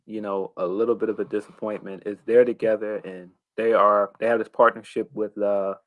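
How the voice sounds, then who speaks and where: A man's voice: lowish voice, flat delivery, brisk, no echo, phone-quality sound. A man co-hosting a casual wrestling talk show, thoughtful and hesitant, with plenty of fillers. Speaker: podcast co-host.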